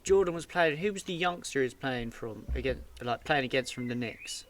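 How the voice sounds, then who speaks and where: A man's voice: medium pitch, lively intonation, a little fast, recorded from a distance, a little hiss or hum. A man co-hosting a podcast, telling stories and acting out quotes with some swearing. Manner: storytelling, swears, acts out quotes. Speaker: podcast co-host. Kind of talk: casual chat.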